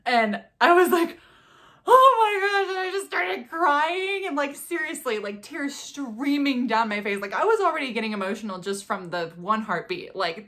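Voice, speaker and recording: Chatty young woman vlogger. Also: mid-range voice. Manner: chatty and animated, acts out quotes, laughs often. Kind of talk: casual chat to camera.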